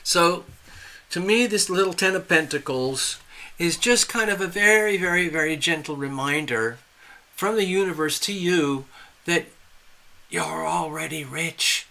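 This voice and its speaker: A man's voice: sits high, normal speed, pushed and bright. A man doing tarot readings on a live stream, telling a story in a chatty, rambling way with restarts and asides. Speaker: tarot reader.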